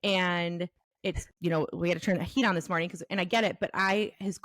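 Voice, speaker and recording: A woman's voice: fairly low pitch, fairly even intonation, fairly quick, no room sound, studio quality. A middle-aged woman co-hosting a casual faith podcast, a mother who affirms her partner and laughs easily. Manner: warm, laughs often, affirming. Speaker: podcast co-host.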